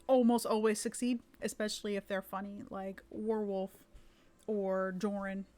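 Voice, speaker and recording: A woman's voice: mid-range voice, flat delivery, moderate pace, dark tone. A woman who runs tabletop games, chatting casually on a live stream, rambling with many fillers and restarts. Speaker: streamer and dungeon master.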